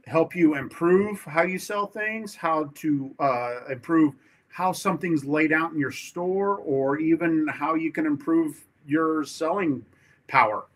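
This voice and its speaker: A man's voice: a little high, a bit bright. A man who is a guest on a podcast, talking eagerly with a lot of stumbling restarts and acting out phone calls with clients. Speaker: podcast guest, sales rep. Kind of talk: casual chat.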